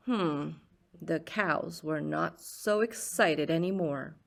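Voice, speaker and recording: A woman reading a children's picture book aloud in a slow, expressive storyteller's voice. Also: low voice, creaky.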